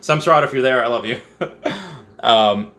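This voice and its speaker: A young man chats loosely through a home livestream and reads viewer comments aloud as he goes. His voice sits at an ordinary pitch for a man. A faint hiss of background noise runs under the recording. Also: moderate pace, sharp tone. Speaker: livestream host. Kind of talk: casual livestream chat.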